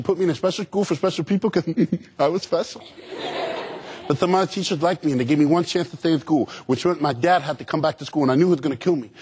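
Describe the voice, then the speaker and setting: A man giving an energetic, humorous motivational speech to students, calling out to the crowd for answers. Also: fairly high pitch, breathy edge. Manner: animated, humorous, call-and-response with audience. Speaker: motivational speaker.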